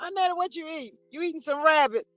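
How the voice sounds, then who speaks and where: A woman's voice: high-pitched, lively intonation, fast talker, a bit bright, no echo, faint music behind, low-quality recording. A woman chatting casually, laid-back and agreeing with lots of hums. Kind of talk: casual gossip chat.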